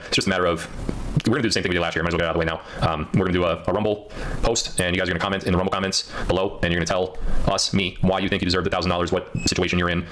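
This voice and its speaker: A man's voice: low-pitched, fairly bright tone, a little hiss or hum. A man livestreaming in casual chat, rambling and reading out viewer comments.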